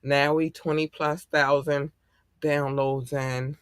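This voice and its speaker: A man hosting a podcast in casual chat, talking in an excitable, slangy and heartfelt way. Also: fairly high pitch, slow pace, clean tone, no echo, clean studio sound. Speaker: podcast host.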